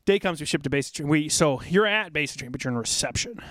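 Fast-talking man swapping army stories. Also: a little high, no room sound, studio quality. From South Dakota, USA. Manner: rambling, animated, acts out drill sergeants. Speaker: podcast guest, military veteran. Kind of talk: casual storytelling chat.

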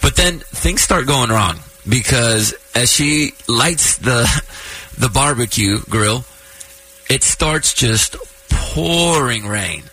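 A man in his thirties with a bright, slightly husky voice tells a personal story on air as host. He talks casually, choking up and laughing through tears. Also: medium pitch, expressive, slow pace, poor audio.

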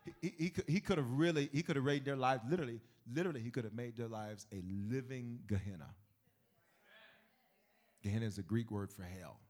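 A male preacher giving a lively, colloquial sermon, often shouting and laughing as he builds to his points. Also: mid-range voice, brisk.

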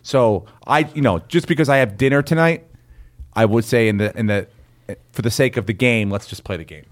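A man, a comedian guest, rambling eagerly in casual podcast banter and quick to laugh. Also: lowish voice.

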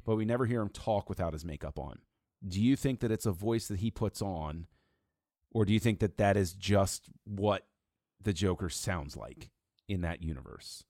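A man's voice: low voice, normal speed, darkish tone, no room sound, studio quality. A man talking through a film analysis in casual podcast conversation, building his points with restarts and fillers. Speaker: podcast co-host.

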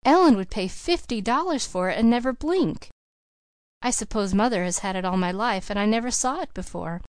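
A woman's voice: medium pitch, animated, normal speed, clear, resonant tone, no room sound, close to an everyday voice. A woman reading the part of an emotional young woman about to graduate, speaking in an earnest, heartfelt way. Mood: earnest wonder.

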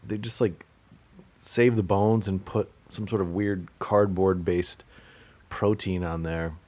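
A man hosting a solo podcast, rambling through joking, sarcastic rants that break into sudden loud outbursts. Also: low voice, steady tone, slow. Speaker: podcast host.

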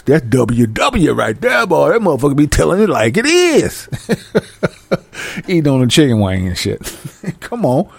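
Male vlogger, gravelly voice, dry close sound, animated profane comedic rant. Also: high-pitched, no room sound. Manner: animated, profane, laughing between lines.

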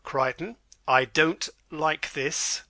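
A man plays a pompous, blustering aristocratic father, all lordly bluster and indignation. His voice leaps about with animated, lively pitch and a bright, forceful edge. Recorded dry and close. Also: normal speed, no echo, exaggerated voice. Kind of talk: amateur audiobook drama reading.

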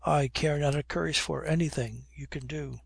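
A man's voice: a little high, steady tone, normal speed, creaky, breathy edge, no room sound, studio quality. A man doing an impudent young rogue. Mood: mocking. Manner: impudent, flippant, period oaths. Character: brash young man mocking everyone.

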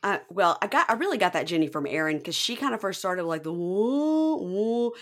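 A woman hosting a podcast in casual, animated chat, joking and doing silly voices. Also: on the low side, fast. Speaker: podcast host.

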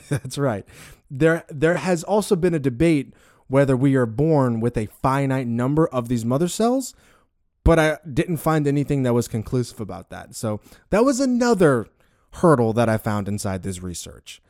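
A man's voice: medium pitch, sing-song, moderate pace, darkish tone, no room sound. Guy hosting a chill podcast, laughs a lot, fumbles big words, dry close mic. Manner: laughs often, stumbles over big words. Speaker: podcast host. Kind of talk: casual podcast chat.

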